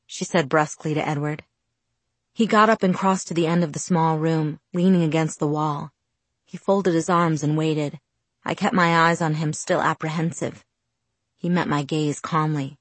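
A woman narrating a first-person novel as an audiobook in a soft, even storytelling voice. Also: sits low, normal speed, no room sound.

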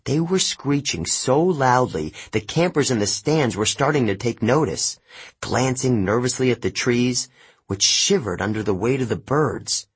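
Husky man narrating an audiobook. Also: medium pitch, a little slow. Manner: lively first-person storytelling, raises voice for shouted dialogue. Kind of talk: scripted narration of a novel.

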